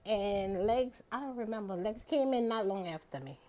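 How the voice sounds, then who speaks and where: A woman's voice: medium pitch, moderate pace, a little mellow. A woman, chatting casually through her day in a vlog. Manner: chatty, rambling, drawls out words. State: out of breath after a bike ride. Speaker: vlogger.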